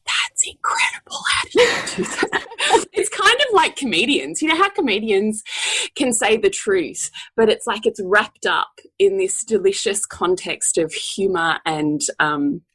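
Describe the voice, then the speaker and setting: Co-hosting a relaxed podcast chat, a woman in her forties spins lively family stories, laughing frequently and cursing offhandedly. She speaks unhurriedly in a husky, medium-pitched voice.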